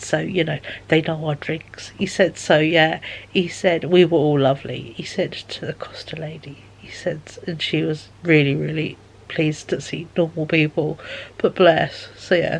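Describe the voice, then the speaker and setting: A woman's voice: sits low, gravelly, slightly rough. A woman chatting casually in a vlog, rambling with many fillers and sounding tired and yawning. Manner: rambling, lots of fillers and repeated "he said". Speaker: vlogger.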